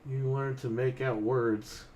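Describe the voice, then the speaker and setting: A man's voice: medium pitch, little pitch movement, slow pace, a little mellow, a little hiss or hum. A man co-hosting a gaming podcast, telling stories in casual chat while playing, swearing freely. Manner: swearing, storytelling with laughs. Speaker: podcast co-host.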